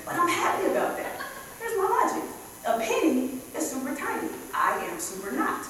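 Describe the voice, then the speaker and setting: Woman, 30s, humorous stage speech, animated, laughs at own jokes, distant, echoey hall. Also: sits high, normal speed. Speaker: contest speaker. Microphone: far camera. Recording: echoey hall from far off, audience noise.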